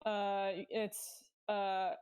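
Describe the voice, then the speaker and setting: A woman's voice: medium pitch, monotone, extremely slow, a little mellow, clean tone. A woman playing in a tabletop game, chatting with enthusiasm about her character's plans. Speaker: player. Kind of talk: casual chat over a tabletop game.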